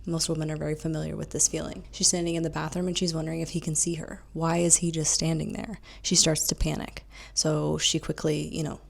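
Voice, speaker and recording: A woman's voice: low voice, flat delivery, brisk, creaky, hardly any pauses. A woman casually retelling and commenting on a novel as a book reviewer, with asides.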